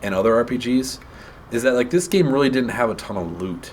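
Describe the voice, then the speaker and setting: A man's voice: medium pitch, lively intonation, fairly quick, darkish tone, slight background noise. A man chatting casually while he plays a video game; he is blunt and swears freely. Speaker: co-host playing the game. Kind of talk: casual gaming chat.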